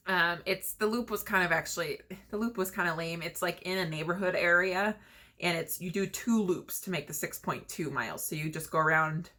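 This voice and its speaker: A young woman vlogger tells a personal story in a casual, chatty way, laughing often between filler words. Her voice sits on the low side and has a sharp tone.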